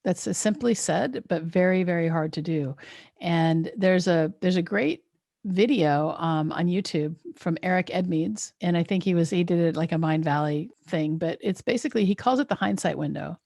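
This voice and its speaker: A woman's voice: fairly low pitch, normal speed, creaky, darkish tone, no echo, studio quality. A woman hosting a podcast in casual chat, reflective and telling personal stories. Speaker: podcast host.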